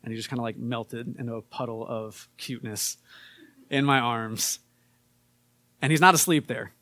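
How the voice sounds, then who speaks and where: A man preaching a casual sermon, relaxed and conversational with frequent fillers, and more emphatic when he reads scripture. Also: medium pitch, moderate pace, dry recording. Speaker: pastor.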